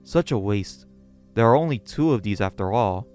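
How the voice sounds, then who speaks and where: A man's voice: on the low side, animated, moderate pace, a little mellow, faint music behind, close to an everyday voice. A man voicing an obsessive gothic lolita woman who scolds sweetly and menacingly.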